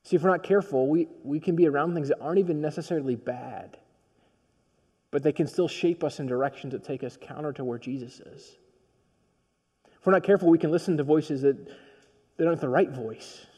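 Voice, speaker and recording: A male pastor preaching a sermon, telling a story in a personal, conversational way that swings from quiet to emphatic. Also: a little high, fairly quick, in a large hall.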